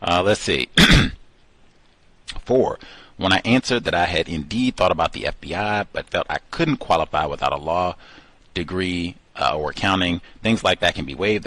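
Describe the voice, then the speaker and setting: A man's voice: low voice, fairly bright tone, no room sound. A man hosting a call-in study session, reading passages aloud and breaking off into sardonic asides. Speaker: host.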